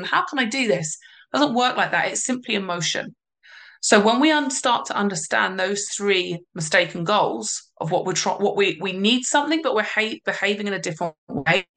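A parenting coach gives advice during a podcast interview. She explains things calmly, repeating points for emphasis, in a mid-range voice.

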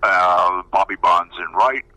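A man in his seventies, a former pitcher, telling a story animatedly in a radio interview, acting out other people's voices. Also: takes it slowly, dry recording, rough recording. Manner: lively storyteller, acts out quoted voices. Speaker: former baseball pitcher, guest.

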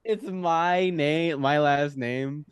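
A young man telling a wild personal story on a podcast. He is animated and laughs often, dropping low and then jumping up loud. The sound is dry and close. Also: drawn-out words, clean tone, no room sound. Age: young adult. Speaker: podcast guest. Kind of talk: casual storytelling.

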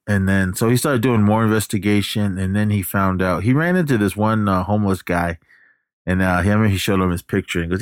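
A man's voice: low voice, normal speed, no room sound, clean studio sound. A man casually retelling a movie plot in a loose, rambling way, full of fillers and the odd curse. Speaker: movie recapper.

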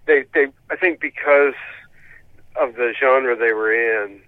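A man with a Canadian accent, chatting on the radio in a relaxed, halting way, with dry jokes. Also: medium pitch, no echo. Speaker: co-presenter. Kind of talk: casual radio chat. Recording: tinny phone-like line, dry.

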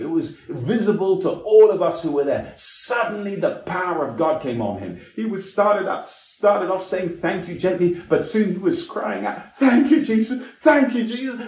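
A man's voice: fairly high pitch, a little mellow, reverberant. A man preaching a sermon as an evangelist, with emphatic delivery that rises and drops in sweeping waves.

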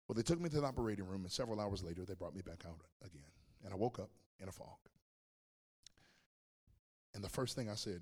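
Pastor predigt in hallendem Saal. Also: male voice, on the low side, quick pace, pauses often. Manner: lively, humorous storytelling addressing the congregation. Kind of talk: sermon storytelling. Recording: long reverb of a large hall.

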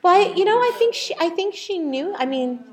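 A woman leading a casual group Bible study, retelling stories lively and acting out the voices of the people in them. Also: very high-pitched, fairly quick. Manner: animated storyteller, acts out quoted voices.

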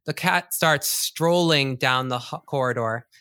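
A woman running a tabletop game as game master, narrating in a relaxed, teasing way. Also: a bass voice, measured pace.

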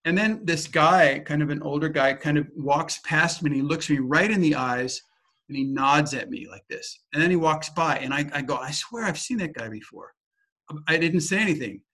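A man gives a teaching talk in an animated, storytelling manner, swearing casually as he goes. His voice sits a little above the usual male pitch. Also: moderate pace. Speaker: teacher of personal transformation. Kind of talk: teaching talk with personal anecdote.

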